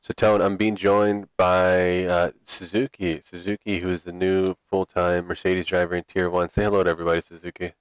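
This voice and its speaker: A man with a fairly low voice calls an online sim racing event. He keeps things relaxed and chatty, ribbing his co-host as he runs through the grid. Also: moderate pace, few pauses, clear, resonant tone, dry recording. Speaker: race commentator.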